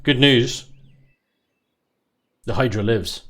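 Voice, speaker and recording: A man's voice: medium pitch, slow pace, fairly bright tone. A man hosting a game stream in casual chat, joking and enthusiastic. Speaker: stream host.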